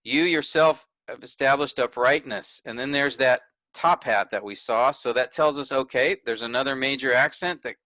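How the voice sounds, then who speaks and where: A man runs a workshop, pointing out marks on a shared screen step by step and correcting himself along the way. His medium-pitched voice has a sharp tone, a moderate pace with few pauses, and the recording is dry.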